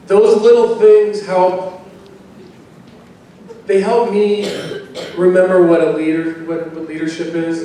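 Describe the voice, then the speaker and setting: A man in his forties, a convention panel guest, telling relaxed and rambling anecdotes to fans. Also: a little high, a little hiss or hum. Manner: relaxed, rambling anecdotes with restarts and acted quotes. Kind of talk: casual storytelling to a fan audience. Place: large convention hall. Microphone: handheld mic recorded from far in the audience. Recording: echoey hall from far off.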